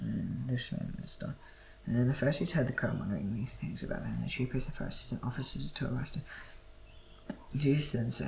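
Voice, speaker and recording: A man reading scripture aloud at a quick pace, stumbling and restarting now and then. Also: mid-range voice, creaky, a little mellow, slight background noise. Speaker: Bible reader.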